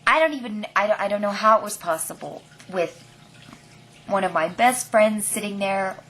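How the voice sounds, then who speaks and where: A woman's voice: medium pitch, moderate pace, a little hiss or hum. A young woman telling a funny personal story in a casual vlog, acting it out dramatically and often checking in with "okay?". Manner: animated, dramatic retelling with lots of "like" and "okay?". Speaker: vlogger.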